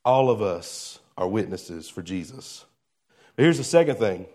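A male pastor preaching a sermon in a conversational way, asking the congregation rhetorical questions and dropping to a soft, low voice on key phrases. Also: animated, a little slow.

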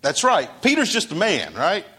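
A man's voice: sits high, huge pitch swings, normal speed, sharp tone, breathy edge. A male pastor preaching a sermon in a conversational way, asking his congregation questions and acting out quoted dialogue.

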